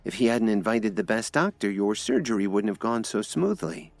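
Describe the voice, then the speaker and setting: A man voicing a shy, worried young woman in a soft, raised voice. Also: lively intonation, moderate pace, gravelly, dry recording, faint music behind. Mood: explaining. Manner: soft, pleading, high-pitched.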